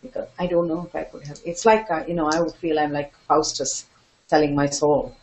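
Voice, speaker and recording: An older woman, a dance teacher and guest, telling lively stories and acting out the voices of others. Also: low-pitched, fairly quick, poor audio. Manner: animated, laughing, acts out quoted voices. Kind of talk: storytelling interview answers.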